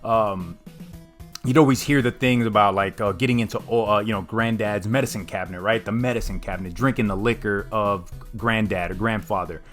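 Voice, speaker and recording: A man's voice: lowish voice, a little fast, a bit bright, soft background music. Chatty man vlogging an unboxing. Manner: chatty, calls viewers "guys", lots of fillers. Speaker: vlogger reviewing comics and bourbon. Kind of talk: casual unboxing chat.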